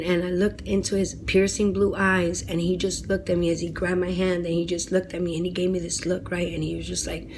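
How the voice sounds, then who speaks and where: A woman vlogger telling a personal story in a casual, animated and dramatic way, blunt and free with swearing. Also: fairly low pitch, a little hiss or hum. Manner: animated, dramatic retelling with lots of "like".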